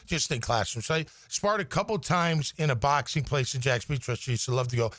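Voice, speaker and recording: A man's voice: medium pitch, a little fast, no room sound. A man telling a long, self-mocking story in casual chat on a sports radio show, in a radio studio. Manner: lively, self-mocking storyteller who acts out quotes. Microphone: studio microphone.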